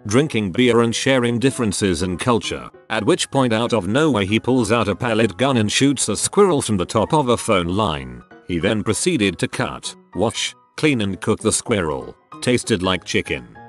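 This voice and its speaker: A man reading out short reader-submitted stories as scripted narration, in a brisk, wry storytelling way. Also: on the low side, expressive, soft background music.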